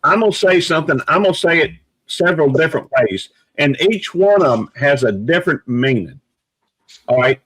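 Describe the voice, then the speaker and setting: A man talking in a casual live chat, measured and reflective, with many pauses and restarts. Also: fairly high pitch, animated, a bit bright, slightly rough, dry recording, low-quality recording.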